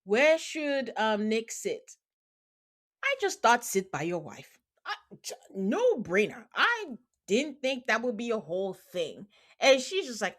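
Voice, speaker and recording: A woman's voice: fairly high pitch, moderate pace. A woman hosting a podcast, recapping a reality show in casual chat and acting out the people she quotes. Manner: animated, quotes people in put-on voices; calls listeners "guys". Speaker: podcast host.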